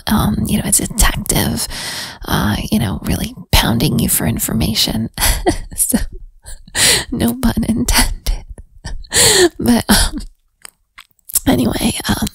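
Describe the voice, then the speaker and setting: Hoarse sick woman whispering slowly. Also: mid-range voice, no echo, rough recording. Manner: rambling, giggly, warm-hearted. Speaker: audio role-play creator. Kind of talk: whispered casual chat.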